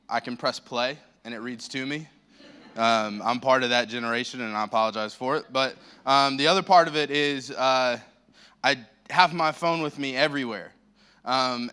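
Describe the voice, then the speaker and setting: Speaking through a handheld mic in a church sanctuary, this American guest pastor has a medium-pitched, bright, forceful voice with a clean tone. His sermon opens with jokes and self-deprecation as he rambles his way into the message.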